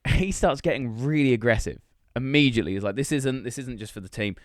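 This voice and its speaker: Man, young, podcast co-host, animated storyteller, fast talker, dry close sound. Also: mid-range voice, dry recording. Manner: animated storyteller, swears freely, acts out dialogue. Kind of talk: casual chat, storytelling.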